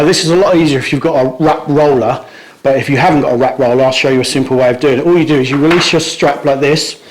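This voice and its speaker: A man with a fairly high voice walks through a demonstration step by step, his phrases often trailing off softly. He sounds slightly out of breath from the physical work. The room around him is noticeably echoey. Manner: instructive, step-by-step, trails off quietly at phrase ends. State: out of breath from pulling. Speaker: strength coach. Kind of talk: hands-on demonstration.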